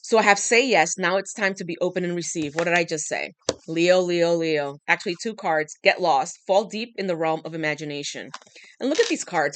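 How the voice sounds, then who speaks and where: A woman with a lowish voice gives a channeled tarot reading. She speaks straight to her listener, emphatic and coaxing, with a dry throat. Faint clicks sound in the background. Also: fairly quick, a bit bright, slight background noise. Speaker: tarot reader.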